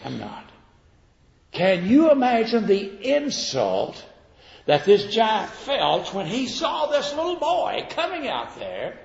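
An older preacher delivers a folksy sermon, his gravelly voice swinging up and down as he acts out the voices he quotes. His slightly high voice echoes through a roomy hall with a long reverb tail, and the recording sounds dull and lo-fi. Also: wildly swooping pitch, slow pace.

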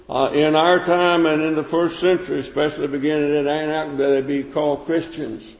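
A man with a slightly high voice gives a relaxed, folksy Bible lesson, stopping often to restart his sentences. The sound is dull and lo-fi, with a long echo from a large church hall. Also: normal speed, few pauses. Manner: plain-spoken, folksy, with many restarts. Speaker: Bible class teacher.

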